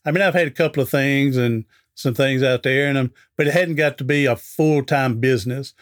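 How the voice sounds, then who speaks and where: A man's voice: mid-range voice, brisk. A middle-aged man, a guest on an interview podcast, telling a folksy anecdote in a chatty way and acting out the dialogue. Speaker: interview guest, author and speaker.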